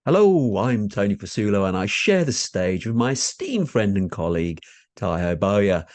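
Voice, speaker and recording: A man's voice: lowish voice, very animated, moderate pace, a little mellow, no echo. A man co-hosting a talk podcast, upbeat and chatty, laughing often. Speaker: podcast co-host. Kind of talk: casual chat.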